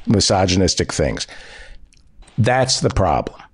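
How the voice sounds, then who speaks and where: Middle-aged male podcast host, wry lecturing tone, wildly swinging pitch. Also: very animated, measured pace, breathy edge. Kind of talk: comedy podcast chat.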